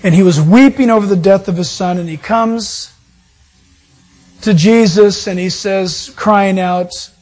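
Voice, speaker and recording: A man's voice: sits high, unhurried, a little mellow. A male pastor and Bible teacher delivering a sermon, preaching emphatically with repeated phrases and rising emphasis.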